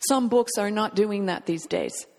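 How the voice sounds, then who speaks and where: A woman's voice: mid-range voice, measured pace, darkish tone, long reverb tail. A woman preaching a fervent, emphatic sermon, reading scripture aloud and urging her listeners on.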